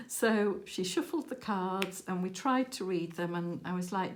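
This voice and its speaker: A woman, hosting a crafting channel, chatting casually and telling a story with lively quoted dialogue. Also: medium pitch, a little slow, few pauses. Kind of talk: casual chat while crafting.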